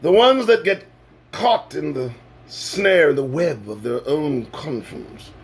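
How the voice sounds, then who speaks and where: Male talk host: animated, sarcastic sermon-like rant, speaks slowly with big pitch swings. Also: breathy edge. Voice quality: animated, swings from loud bursts to low asides. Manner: preachy, sarcastic, swears freely. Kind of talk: profane freewheeling monologue.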